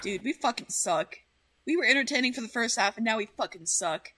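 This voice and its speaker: Woman streaming, super high and bouncy voice, swears a ton, rambles excitedly. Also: brisk, a little hiss or hum. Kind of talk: casual livestream chat.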